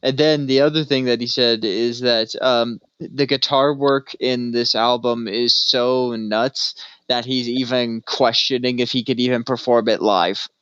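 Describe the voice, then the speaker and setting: A man's voice: mid-range voice, fairly even intonation, unhurried, a bit bright, clean tone, dry recording. Chatty, enthusiastic podcast man. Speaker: podcast co-host. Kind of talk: casual chat. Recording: dull lo-fi sound, dry.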